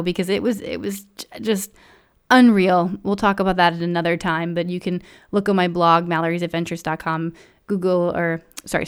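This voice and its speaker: A woman hosting a podcast, telling a travel story in a casual, animated way, laughing often and acting out the people she quotes. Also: fairly low pitch, clear, resonant tone. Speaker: podcast host.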